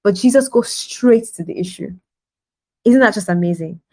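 A woman's voice: mid-range voice, normal speed, dark tone, rough recording. A woman giving a devotional sermon on a podcast in a conversational style, laughing often and acting out the scenes she describes. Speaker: podcast preacher.

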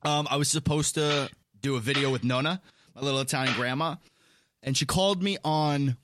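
A man co-hosting a casual podcast chat, telling stories in an animated, profane way with frequent laughs. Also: mid-range voice, brisk, background noise. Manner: animated, laughing, swearing storyteller. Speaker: podcast co-host.

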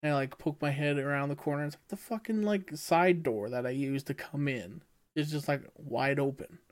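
A man's voice: fairly high pitch, fairly quick. A man co-hosting a podcast, telling a story in casual chat, swearing freely and acting out what he said. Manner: swears freely, acts out his own past lines. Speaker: podcast co-host.

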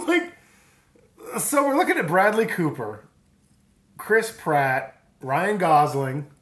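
A man's voice: high voice, big pitch swings, slow pace, fairly bright tone, echoey room. A man co-hosting a casual chat, swearing and laughing through rambling banter, recorded on a phone. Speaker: podcast co-host. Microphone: phone app.

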